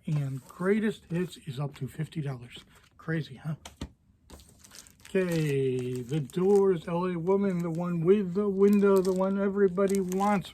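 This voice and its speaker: A man's voice: high-pitched, mellow, slight background noise. Man rattling off record prices. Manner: quick, offhand, lists prices. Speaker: record store owner. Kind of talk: casual product walkthrough.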